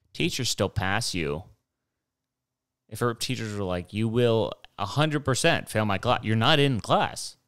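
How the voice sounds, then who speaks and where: A man's voice: on the low side, fairly bright tone, clear, resonant tone, no echo, studio quality. A young man rambling through a solo podcast monologue, digressive and profane, with mocking asides. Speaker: podcast host.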